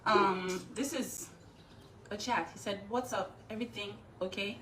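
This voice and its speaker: A woman's voice: medium pitch, a little slow, a bit bright, roomy sound, far from the mic, slight background noise, rough recording. A woman telling her side of a story in a defiant, earnest casual talk. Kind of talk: emotional casual talk to camera.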